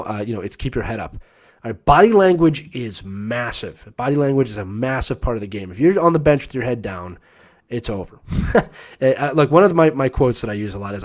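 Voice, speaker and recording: A middle-aged man, a former hockey player and coach, hosting a live-stream Q&A in an emphatic coaching tone and often checking in with "right?". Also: mid-range voice.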